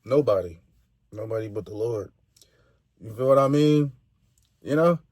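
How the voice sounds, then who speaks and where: A man's voice: mid-range voice, unhurried, pauses often, breathy edge, dry recording, studio quality. Laid-back rambling man. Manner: laid-back, rambling, many "you know"s, laughs loudly. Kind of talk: casual commentary.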